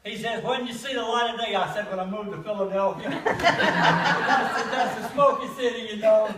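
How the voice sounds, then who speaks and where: A man's voice: high voice, moderate pace, pushed and bright. An older man telling a comic monologue of army jokes in a folksy style, laughing at his own punchlines. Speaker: comedian. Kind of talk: comic monologue at a church gathering. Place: church hall. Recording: echoey hall from far off.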